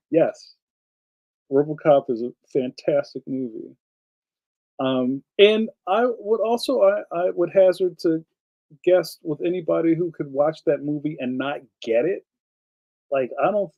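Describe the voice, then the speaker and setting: A man's voice: a little high, mellow, poor audio. Rambling man chatting with stream viewers. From Philadelphia. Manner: rambling, jumps between topics. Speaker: live stream host. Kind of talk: casual live-stream chat reading viewer comments. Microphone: streaming setup.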